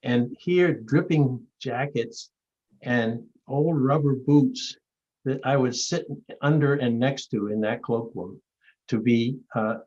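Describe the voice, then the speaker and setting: A man's voice: medium pitch, slow, darkish tone, dull audio. A man in his seventies from Maine, telling stories and leading a discussion over a video call, with frequent restarts. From Maine, USA. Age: 70s. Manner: rambling, storytelling, frequent restarts. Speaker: award recipient leading a session. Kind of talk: reflective talk and discussion.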